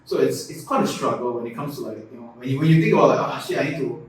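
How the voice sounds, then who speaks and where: Fast-talking young man. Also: mid-range voice, slight background noise. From Malaysia. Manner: loose and chatty, many "like"s and restarts. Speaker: content creator guest. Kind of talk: casual interview chat. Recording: echoey room, mic at a distance.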